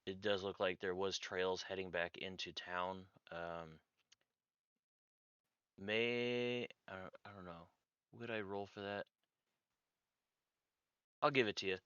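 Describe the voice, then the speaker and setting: Male game master, bright crisp voice, dull dry lo-fi mic. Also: sits low, flat delivery, slow, long pauses, no echo. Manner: loose, rambling description. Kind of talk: narrating a tabletop game.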